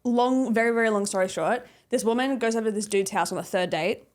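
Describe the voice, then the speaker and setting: A woman co-hosting a podcast, reading quiz questions and retelling stories in casual chat, laughing as she goes. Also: a little high. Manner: laughing, reads questions haltingly. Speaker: podcast co-host.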